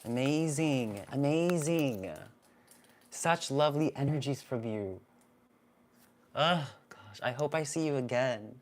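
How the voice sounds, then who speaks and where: A man hosting a live-streamed card reading, talking gently and soothingly, often repeating himself. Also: medium pitch, slow. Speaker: spiritual card reader, live stream host.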